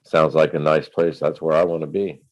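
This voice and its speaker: A man's voice: extremely low pitch, flat delivery, normal speed, a little mellow, no echo, lo-fi sound. A man chatting casually, making wry, offhand remarks. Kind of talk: casual chat.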